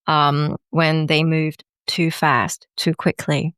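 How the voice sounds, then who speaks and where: A woman with a French accent, a life coach guest chatting on a podcast, halting with fillers and restarts. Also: low-pitched, flat delivery, fairly bright tone, smooth, dry recording, studio quality. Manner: hesitant, many fillers and restarts. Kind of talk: casual podcast chat.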